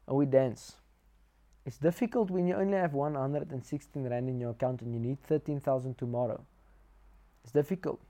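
A South African man preaches a sermon full of lively personal stories, slipping Afrikaans words into his English. His pitch is fairly high.

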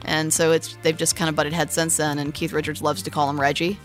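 A woman's voice: low-pitched, little pitch movement, a little fast, soft background music. A woman co-hosting a podcast, telling a story in a chatty way, trailing off and restarting as she goes. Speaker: podcast co-host. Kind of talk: casual chat.

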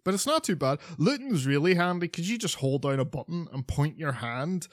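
A man's voice: on the high side, expressive, a little fast, no room sound. Man, casual podcast chat, sweary and rambling, dry close sound. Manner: rambling, sweary, lots of fillers and restarts. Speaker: podcast co-host.

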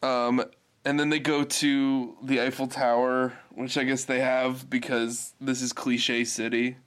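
A man chatting casually about a cartoon episode, rambling with lots of fillers and acting out quick quotes. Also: medium pitch, clean tone. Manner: rambling, many fillers, animated acted quotes.

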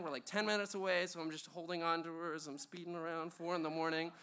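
A man's voice: on the high side, steady tone, quick pace, hardly any pauses, pushed and bright, clear, resonant tone. A young man telling a funny personal story at a live show, rambling with lots of ums and uhs and chuckles.

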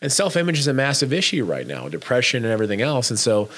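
Animated fast-talking man giving a pep talk. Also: medium pitch, husky. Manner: animated and emphatic, with frequent restarts; blunt, swears casually. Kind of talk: casual motivational chat.

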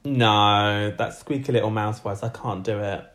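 A man's voice: lowish voice, steady tone, unhurried, a bit bright. A man co-hosting a podcast, teasing in wry, casual chat. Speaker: podcast co-host.

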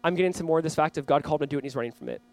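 A man preaching a sermon as pastor, impassioned, swinging from loud cries to hushed low lines, acting out quoted voices in a casual way. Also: rapid-fire. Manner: impassioned, voice rising and dropping sharply.

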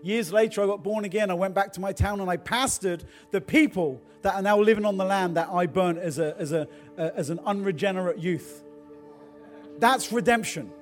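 A man's voice: high voice, moderate pace, soft background music. A middle-aged male pastor preaching a sermon, telling personal stories and building to fervent calls to repent. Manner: storytelling, then builds to fervent exhortation.

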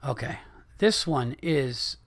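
A man's voice: medium pitch, lively intonation, slow pace, creaky, fairly bright tone. A man in his thirties hosting a podcast, ranting in a heated, profane comedic way and often restarting his sentences. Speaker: podcast host.

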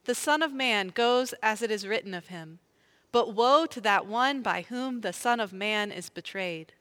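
A woman reading scripture aloud, clear and earnest, in a group reading. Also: medium pitch, a little slow, a bit bright. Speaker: scripture reader.

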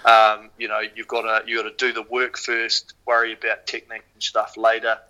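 Bright-voiced New Zealand man telling stories. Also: medium pitch, brisk, low-quality recording. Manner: animated, swears freely, many fillers. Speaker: podcast guest, former rower. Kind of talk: casual storytelling.

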